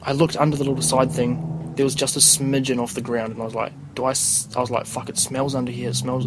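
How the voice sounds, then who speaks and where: A man's voice: mid-range voice, noisy background. A young man with a New Zealand accent, a podcast host telling rambling, crude stories in casual slang. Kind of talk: casual storytelling.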